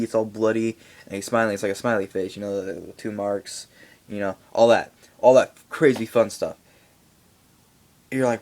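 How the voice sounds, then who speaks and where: A young man giving a casual, rambling movie review in a home vlog, full of fillers and asides. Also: medium pitch. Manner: rambling, animated, many fillers.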